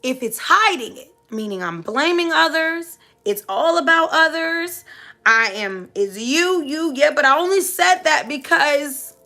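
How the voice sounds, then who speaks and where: High, gravelly-voiced woman preaching about love. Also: bright, forceful tone. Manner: emphatic, preacher-like repetition. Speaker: motivational speaker. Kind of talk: heartfelt motivational talk to live viewers.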